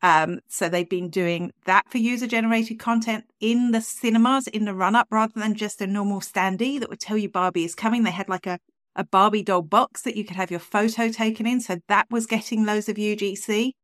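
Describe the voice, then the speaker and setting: A woman's voice: mid-range voice, fairly even intonation, a little fast, fairly bright tone, no echo, studio quality. A woman hosting a podcast, chatting in an upbeat way with lots of asides. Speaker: podcast host. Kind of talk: casual chat.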